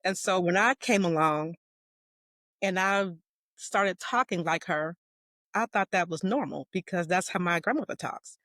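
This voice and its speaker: A woman in her forties who stutters, telling her story as a guest in an interview with warm laughter and emphasis. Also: fairly low pitch, a little slow, no room sound. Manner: stutters with repeated sounds and words. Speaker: guest, educator.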